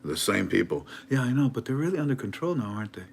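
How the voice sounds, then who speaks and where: A man giving an animated commentary monologue in a dramatic, emphatic way, with many stammering restarts. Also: medium pitch, fast, gravelly, a little hiss or hum. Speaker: online currency commentator.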